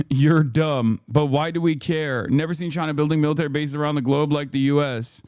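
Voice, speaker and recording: A man hosting a live stream reacts to clips with heated, mocking political commentary, cursing a lot and using plenty of filler words. His voice is a little high, steady in tone, brisk, and a little mellow, captured in dry, studio-quality sound.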